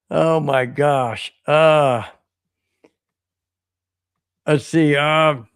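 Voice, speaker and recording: An American man co-hosting a casual sports podcast, telling a rambling story and reading out viewer chats in an excitable way. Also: fairly high pitch, drawn-out words, smooth, dry recording, studio quality. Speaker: podcast co-host.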